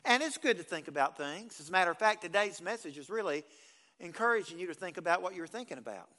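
A man's voice: sits high, lively intonation, quick pace, bright, forceful tone. A man pastor delivering a folksy, conversational sermon, often restarting phrases as he speaks.

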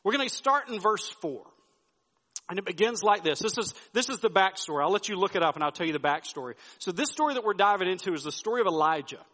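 High-voiced pastor preaching. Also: male voice, animated, fast, sharp tone. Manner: storytelling with folksy asides and repeated restarts. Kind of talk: sermon. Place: church sanctuary. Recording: sermon with long hall reverb.

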